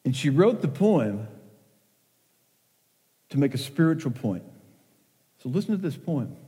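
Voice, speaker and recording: A man's voice: medium pitch, big pitch swings, a little slow, warm tone. A middle-aged man preaching a sermon as pastor. He speaks earnestly and reads verse with feeling. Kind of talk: sermon with poetry reading. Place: church sanctuary. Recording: long reverb of a church hall.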